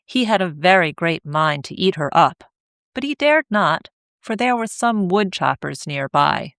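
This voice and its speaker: A woman reads a fairy tale aloud for English learners, taking her time. Her voice is fairly low and her pace is very slow. The recording is close and dry. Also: animated, fairly bright tone, no room sound. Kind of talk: scripted story narration.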